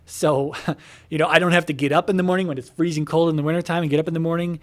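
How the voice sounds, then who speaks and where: A man's voice: fairly high pitch, steady tone, quick pace, fairly bright tone. A man casually chatting to viewers from his home computer room while he plays a game, meandering with lots of fillers, casual swearing and asides about the game. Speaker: gamer talking to viewers while playing. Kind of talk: casual rambling chat while gaming.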